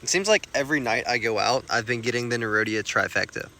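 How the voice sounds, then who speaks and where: Excitable young man, bright voice, outdoors at night. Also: mid-range voice, fast talker. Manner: excited, chatty, self-mocking, slangy. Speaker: field herper vlogger. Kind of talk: casual vlog narration on the road. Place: outdoors on a rural road at night.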